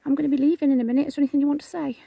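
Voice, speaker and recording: A woman's voice: high voice, steady tone, racing, gravelly, mellow, no echo, clean studio sound. A woman vlogging a night ghost hunt in a cemetery, often whispering and calling out to spirits. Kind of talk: hushed vlog narration.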